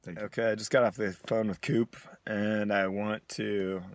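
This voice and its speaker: A man talks in a candid personal video diary, reflective and halting, with many pauses. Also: fairly low pitch, level tone. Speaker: vlogger.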